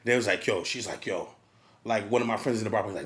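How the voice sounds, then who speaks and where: Dj guy telling a story on a podcast, acts out all the voices, gets loud and hyped. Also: lowish voice, fast. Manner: animated storyteller who acts out quotes and hype shouts. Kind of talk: casual storytelling in podcast chat.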